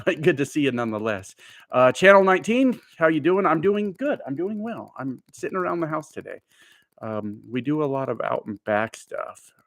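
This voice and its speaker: A man in his thirties who drives trucks, talking loosely on a live stream from his house. He rambles and stalls with fillers while answering viewers, at a middle pitch. The sound is dry and close, with no room around him. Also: dry recording. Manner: rambling, reads viewer comments aloud, frequent fillers. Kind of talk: casual live-stream chat. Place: at home.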